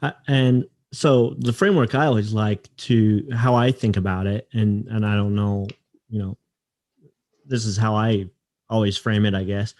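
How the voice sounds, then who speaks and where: A man's voice: lowish voice, fairly even intonation, moderate pace, a little mellow. A man hosting an interview, sharing his own views in a reflective way with a few hesitant restarts. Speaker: podcast host. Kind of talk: casual interview chat.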